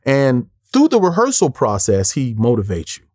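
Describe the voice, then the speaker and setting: A man's voice: medium pitch, normal speed, no echo, clean studio sound. A man in his forties from Los Angeles, an interview guest telling stories and acting out the lines of the people in them. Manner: acts out quoted lines in lively voices, swears freely. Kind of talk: animated storytelling.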